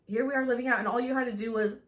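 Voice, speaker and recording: A woman's voice: fairly high pitch, steady tone, rapid-fire. An enthusiastic woman hosts a casual podcast chat. She talks eagerly, restarts her sentences often, and jumps in over her guest. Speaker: podcast host.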